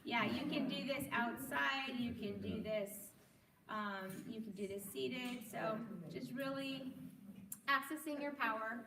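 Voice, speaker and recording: A woman leading a group wellness class, explaining calmly and encouraging people to join the exercises. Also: a little high, unhurried, creaky, crowd noise. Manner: encouraging, demonstrates loud shouts. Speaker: workshop leader. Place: room with a group. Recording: echoey room, from far off.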